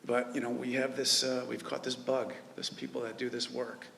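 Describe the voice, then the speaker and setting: A man who runs a news website speaking at a memorial service, halting with many filler pauses. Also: medium pitch, flat delivery, creaky, a bit bright, a little hiss or hum. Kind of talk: memorial tribute speech. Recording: reverberant hall with faint ambience.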